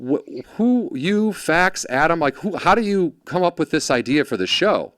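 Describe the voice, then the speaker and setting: A man hosting a casual podcast interview, telling animated stories and acting out the voices of people he quotes. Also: a little high, moderate pace, no room sound, studio quality. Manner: animated storyteller, acts out quoted voices, laughs often. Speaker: podcast host.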